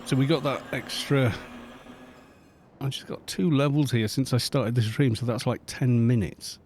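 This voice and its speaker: Chatty Welsh man, mellow voice. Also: medium pitch, fairly even intonation, normal speed, breathy edge. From Wales. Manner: rambling, chatty, reads chat aloud and greets viewers. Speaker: game streamer. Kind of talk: casual live-stream chat while playing.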